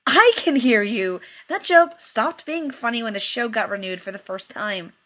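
A flustered, easily scandalized young man, snapping back in sharp outbursts, as a woman reads him aloud. He is indignant and defensive, a storybook figure read by one reader. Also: high-pitched, sing-song, measured pace, pitched above the performer's own voice, full character voice.

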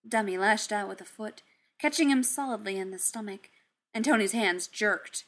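A woman reading fan fiction aloud in a soft, unhurried storytelling manner. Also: medium pitch. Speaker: narrator.

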